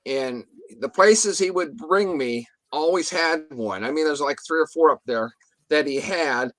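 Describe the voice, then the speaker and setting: A man's voice: a little high, measured pace, a bit bright, dry recording. A man telling a story in a casual interview, rambling with restarts and mild swearing, acting out what others said. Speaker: guest telling an encounter story.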